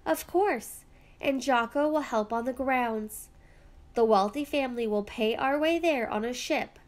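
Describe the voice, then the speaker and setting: Woman as a chatty neighbor, brisk and matter-of-fact, fairly high. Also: close to an everyday voice.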